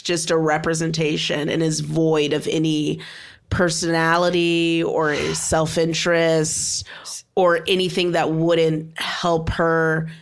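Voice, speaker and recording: A woman comedian guesting on a podcast, giving dry, deliberate commentary in casual chat. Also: deep voice, smooth.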